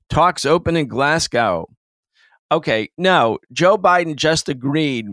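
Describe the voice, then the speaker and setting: A man's voice: medium pitch, a bit bright, clear, resonant tone, no room sound. A man hosting a studio roundtable, giving emphatic, indignant political commentary. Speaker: host.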